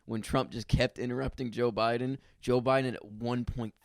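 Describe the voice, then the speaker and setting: A man's voice: mid-range voice, steady tone, normal speed, dry recording, clean studio sound. A man in his twenties co-hosting a podcast, chatting casually in a profane, joking way and laughing often. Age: 20s. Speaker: podcast co-host. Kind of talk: casual comedic chat.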